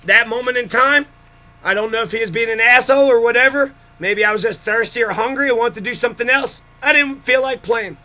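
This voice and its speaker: A man's voice: very high voice, fairly quick, bright, forceful tone. A man in a bitter, profane personal rant about his childhood, speaking straight to the camera. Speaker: vlogger.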